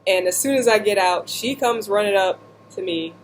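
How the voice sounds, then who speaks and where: A woman vlogger telling a humorous personal story while seated indoors, animated and slipping into voices and asides. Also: mid-range voice, brisk, a little hiss or hum.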